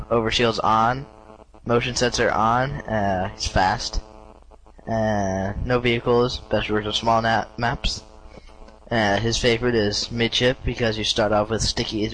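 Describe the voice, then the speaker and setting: Halting male podcast co-host, lowish voice, soft hiss under the recording. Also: poor audio. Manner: halting, many uh fillers. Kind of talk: casual gaming podcast chat.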